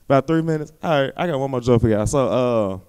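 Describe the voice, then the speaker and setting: A man's voice: medium pitch, animated, quick pace, darkish tone, smooth, in a large hall. A man performing a rambling stand-up comedy set on a theater stage, with a loose, filler-heavy delivery. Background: audience laughter.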